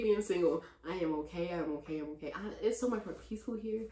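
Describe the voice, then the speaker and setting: A young woman in her twenties chatting casually in a Q&A vlog, talking to her viewers as "y'all" and getting loud and animated when she vents. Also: lowish voice, fast, hardly any pauses, slight background noise. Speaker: vlogger answering viewer questions. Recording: roomy echo.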